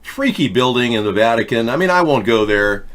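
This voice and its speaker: A man in his sixties hosting a casual live stream, rambling and joking in a deadpan way. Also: medium pitch, fairly quick. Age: 60s. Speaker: host.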